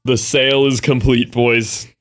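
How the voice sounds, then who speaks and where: A man livestreaming and chatting with viewers, excitable and laughing often, with quick asides to chat. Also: mid-range voice, soft background music. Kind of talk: live stream chatter reading chat.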